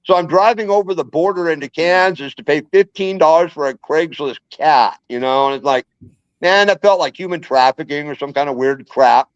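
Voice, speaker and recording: A man's voice: on the high side, moderate pace, clean tone, no room sound. A man telling rambling, jokey stories in a casual chat as a guest. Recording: dull lo-fi dry sound.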